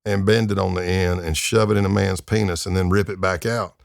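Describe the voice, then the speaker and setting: A man voicing an unhinged middle-aged woman who loves torture, flat and casual, gravelly low tone. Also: a little fast, dry recording, studio quality.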